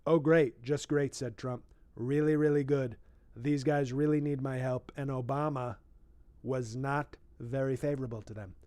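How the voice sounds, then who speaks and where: A man's voice: mid-range voice, steady tone, normal speed, darkish tone, no room sound, close to an everyday voice. A man doing a boastful rambling politician. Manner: boastful, rambling, interrupts his own reading with asides. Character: boastful rambling older male politician, self-praising. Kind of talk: comic impression reading a book aloud.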